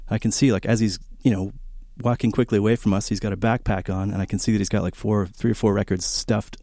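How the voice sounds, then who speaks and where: A man's voice: lowish voice, fast, dry recording, clean studio sound. A man hosting a college radio record show, chatting casually and enthusiastically between songs with lots of fillers. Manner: rambling and enthusiastic, many fillers, animated storytelling. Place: small radio studio. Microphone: studio broadcast microphone.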